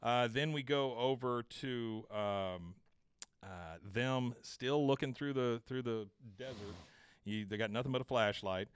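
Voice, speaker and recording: A man's voice: mid-range voice, unhurried, smooth, no room sound. A man hosting a podcast, recapping a cartoon episode in easy, casual chat. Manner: laid-back, easygoing. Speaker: podcast host.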